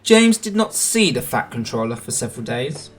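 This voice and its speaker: A man reading a children's storybook aloud in a gentle, expressive way. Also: medium pitch, moderate pace, faint music behind.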